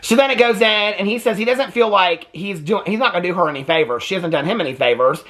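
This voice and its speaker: A gossipy man recaps reality TV in a casual, profane way, full of sass. His pitch swings widely as he talks. There is a husky, slightly breathy texture to his voice. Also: quick pace. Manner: animated. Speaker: host.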